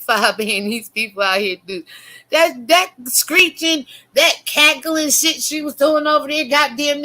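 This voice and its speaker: Middle-aged woman, forceful bright voice, preachy and profane online commentary. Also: fairly high pitch. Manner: fiery, cursing, preachy. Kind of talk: profane religious rant.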